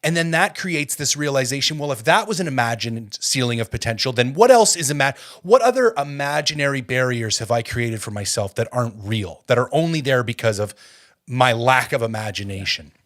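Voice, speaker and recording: A male podcast host with a middle-pitched voice tells a personal story in loose, conversational talk. He gets fired up as he goes, leaning on filler words. It sounds like a studio mic. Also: expressive, fairly quick, fairly bright tone.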